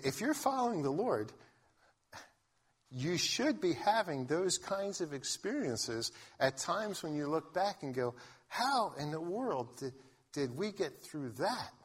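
A man's voice: a little high, slightly rough. A man pastor giving a sermon in a conversational way, reading scripture aloud and often restarting his sentences. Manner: conversational preaching with frequent restarts.

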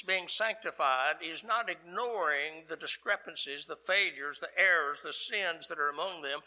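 An older male pastor delivers a sermon in a very bright, slightly high voice. He speaks earnestly, with deliberate pauses between his phrases. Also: poor audio.

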